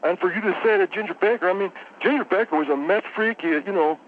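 A man voicing an earnest, deferential male caller who stubbornly defends his favorite drummer, halting and full of fillers. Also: high-pitched, narrow, tinny audio, slight background noise, pitched above the performer's own voice, lightly acted. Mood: indignant. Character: earnest polite male caller, adult, indignant music fan.

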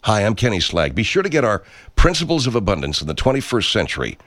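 Pompous low-voiced man reading promos. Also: huge pitch swings, quick pace, fairly bright tone, no room sound. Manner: pompous, self-important. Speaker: self-help radio personality recording promos. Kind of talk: improvised comedy sketch.

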